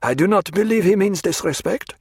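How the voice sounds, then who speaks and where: A man's voice: sits high, animated, fairly quick, slightly rough, no room sound, voice pushed up, exaggerated voice. A young lieutenant , put on by a male narrator, speaks up in a raised, earnest, polite voice. The sound is dry and close. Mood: placating. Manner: polite, placating. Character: earnest young red-haired lieutenant, man.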